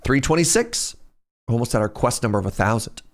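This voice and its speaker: A man's voice: medium pitch, expressive, fairly quick. A man streaming a game, chatting casually, telling stories and laughing often between moves. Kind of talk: casual gameplay chat.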